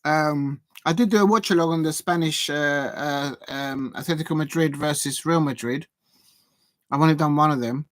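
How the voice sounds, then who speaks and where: Fan guy doing live watch-along commentary, gets loud and excited, dry close sound. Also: fairly high pitch, normal speed, no room sound. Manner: excitable, cheers and pleads at the action, chatty asides. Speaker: football fan channel host.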